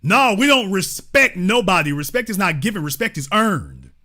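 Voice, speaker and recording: A man's voice: high-pitched, wildly swooping pitch, moderate pace, pushed and bright. A young man hosting a live call-in show, combative and slangy, hammering the same phrases over and over. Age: young adult. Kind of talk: heated commentary and call-in.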